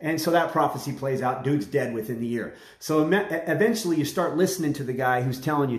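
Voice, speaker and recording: A man giving a loose, conversational sermon, full of slang and restarts. His voice sits a bit high for a man and carries a roomy echo around it. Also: brisk, few pauses, darkish tone. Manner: casual slangy preaching with restarts. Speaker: preacher. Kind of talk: informal sermon video.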